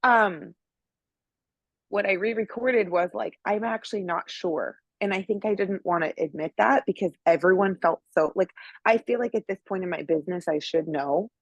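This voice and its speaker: A woman's voice: medium pitch, normal speed, no echo, muffled recording. A woman on a group video call asking a coach a question, hesitant and full of self-doubt.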